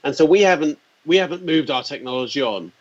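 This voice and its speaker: A man's voice: fairly high pitch, fast. Storytelling man, lo-fi sound. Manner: animated, acts out quotes. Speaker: guest, company founder. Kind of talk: anecdotal interview storytelling. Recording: dull lo-fi sound.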